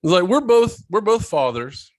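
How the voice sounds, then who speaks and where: Young male podcast co-host, slightly high, bouncy voice, animated storyteller. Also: moderate pace. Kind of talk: casual chat.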